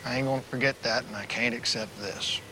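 An actor playing a gravelly old Southern ex-astronaut. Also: male voice, medium pitch, steady tone, a little fast, background noise, close to an everyday voice. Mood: bitter earnest. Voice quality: gravelly drawl. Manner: grumbling, plain-spoken. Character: aging human ex-astronaut, restless and discontented. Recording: TV episode clip with background ambience.

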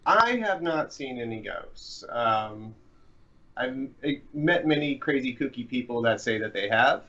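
A man's voice: medium pitch, expressive, measured pace, sharp tone. A man answering podcast questions in a joking, meandering way with many fillers. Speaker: podcast guest. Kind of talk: casual interview answers. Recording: dull lo-fi sound.

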